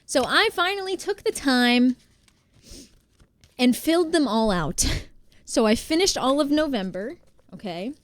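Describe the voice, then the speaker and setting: Bubbly American woman streamer, slightly high, smooth and close on the mic. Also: animated, measured pace, long pauses. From United States. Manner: bubbly, chatty, greets viewers by name. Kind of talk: casual live-stream chat.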